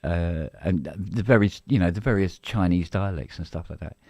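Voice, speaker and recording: A man's voice: deep voice, moderate pace, darkish tone, slightly rough, no echo. A middle-aged man from England, co-hosting a live stream in casual chat, rambling with restarts and the odd cough.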